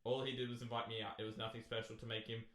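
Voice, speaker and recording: A man's voice: medium pitch, level tone, racing, fairly bright tone, roomy sound. A man co-hosting a casual chat podcast, joking with his co-host and reading out a long listener letter with frequent laughs. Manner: laughs often, reads aloud at length.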